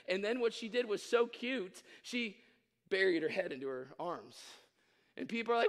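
A man's voice: high voice, expressive, normal speed, a bit bright. A young adult man preaching a sermon, telling a story animatedly and acting out quotes, a bit under the weather. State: under the weather, occasional coughs. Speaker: pastor.

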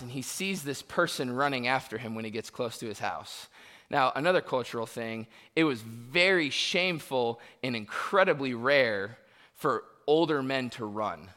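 Male pastor, bright and forceful, comic storyteller, echoing church hall. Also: a little high. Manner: animated, humorous storytelling with acted-out quotes. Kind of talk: sermon with personal stories. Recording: long hall reverb.

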